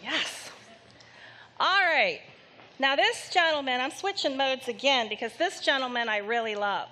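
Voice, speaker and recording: A woman psychic medium giving a live reading to an audience member in a theater, speaking gently and haltingly with many pauses. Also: sits high. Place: theater stage before an audience.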